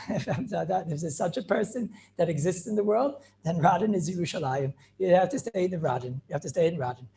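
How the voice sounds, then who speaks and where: A man's voice: high voice, lively intonation, a little fast, creaky, warm tone. A man, a rabbi, telling inspirational stories, repeating phrases and dropping Yiddish and Hebrew words into his talk. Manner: retells stories with many repeated phrases and restarts.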